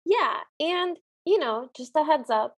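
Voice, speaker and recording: A woman's voice: sits high, expressive, measured pace. A woman co-hosting a podcast, chatting and describing scenes from an old cartoon. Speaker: podcast co-host. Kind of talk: casual chat reviewing a cartoon.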